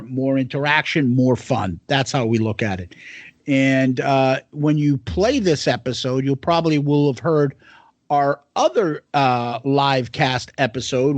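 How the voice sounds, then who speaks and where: A man's voice: mid-range voice, no echo. A man co-hosting a podcast in loose, rambling casual chat full of fillers. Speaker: podcast co-host.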